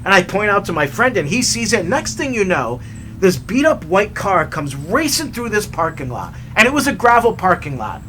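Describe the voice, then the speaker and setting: A man telling a story in a chatty, animated way while hiking outdoors, recorded on a camera mic. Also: high voice, moderate pace, a little hiss or hum. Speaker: hiking vlogger. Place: outdoors on a trail.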